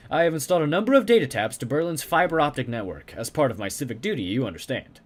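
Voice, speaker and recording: Man voicing a courteous, scheming café owner in a game, formal, accented, lively pitch. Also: fast. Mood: smooth persuasion. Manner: exaggerated formal, put-on Turkish-style accent. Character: male Turkish café owner, polite, scheming fixer.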